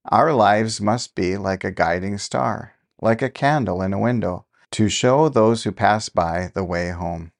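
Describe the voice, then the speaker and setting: A man voicing a young pastor who speaks gently and earnestly to his wife. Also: lowish voice, measured pace, gravelly, hardly any pauses.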